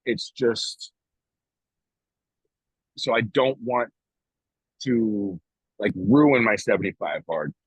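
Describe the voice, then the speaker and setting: A man's voice: lowish voice, animated, slow, pauses often, husky, no room sound, rough recording. A man co-hosting a podcast, talking in a rambling, emphatic way and swearing casually as he chats. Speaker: podcast co-host. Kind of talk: casual morning chat.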